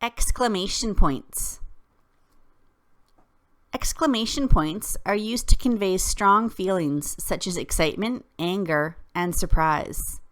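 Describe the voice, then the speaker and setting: A woman teacher reading a scripted lesson, careful and deliberate, with clear pauses. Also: mid-range voice. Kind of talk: slow scripted lesson narration.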